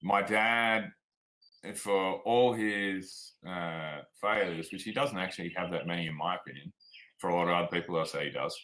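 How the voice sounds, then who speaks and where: An Australian performance coach with a low, bright, forceful voice speaks at a moderate pace as a guest in a casual interview, on poor audio. He tells stories frankly and plainly, dropping "like" and "man" along the way.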